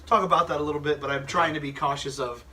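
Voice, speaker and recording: A man appearing as a guest on a casual podcast, his voice somewhat high and bright. He tells stories in an animated way, swears and laughs often. He is recorded from a little distance. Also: quick pace, slight background noise. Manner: animated, profane storyteller who laughs often. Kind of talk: casual chat.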